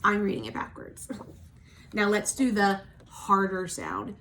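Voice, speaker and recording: A woman teacher leads young children through phonics at an unhurried pace, sounding each letter out clearly. Her pitch is average and her tone encouraging and patient, recorded at home with a faint hiss behind her. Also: a bit bright. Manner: slow, clear modelling of sounds for children to repeat.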